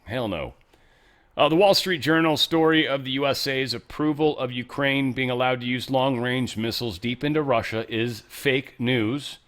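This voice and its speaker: A man's voice: medium pitch, moderate pace, fairly bright tone. Blunt, profane male commentary host. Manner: blunt, profane, rambling asides. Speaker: show host. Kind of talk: casual political commentary.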